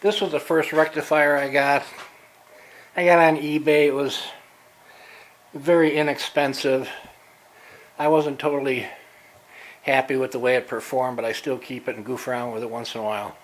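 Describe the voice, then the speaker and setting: An older man in his home workshop, a little out of breath, talking casually and haltingly with frequent fillers as he shows his setup. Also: medium pitch, little pitch movement, rough recording. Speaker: workshop vlogger. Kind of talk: casual workshop show-and-tell.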